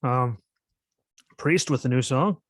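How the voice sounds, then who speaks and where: A man's voice: medium pitch, slow pace, dry recording, studio quality. A man hosting a solo wrestling podcast, talking in a skeptical, exasperated rant full of "like" and "literally". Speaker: podcast host.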